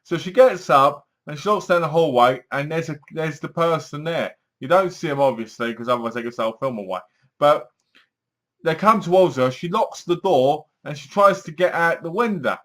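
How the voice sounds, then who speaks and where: A man casually reviewing a film, retelling the story in a rambling, animated way and acting out lines. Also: a little high, moderate pace.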